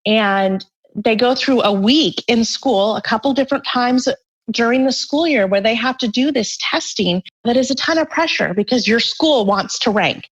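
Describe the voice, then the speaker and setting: A woman's voice: on the high side, normal speed, husky, lo-fi sound. A woman author being interviewed, explaining her points earnestly in a conversational way. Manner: earnest, explanatory, acts out parents' voices briefly. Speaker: guest author.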